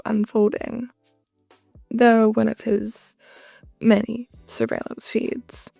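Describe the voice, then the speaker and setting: A woman's voice: on the high side, creaky, dark tone, no room sound. A woman narrating a fan fiction audio story and acting out each of the characters. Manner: reads narration and acts out every character.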